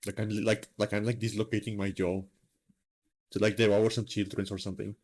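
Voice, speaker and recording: A man's voice: on the low side, level tone, a little fast, a little mellow. A man hosting a live stream, chatting casually in a rambling, self-mocking way with lots of fillers. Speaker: streamer host.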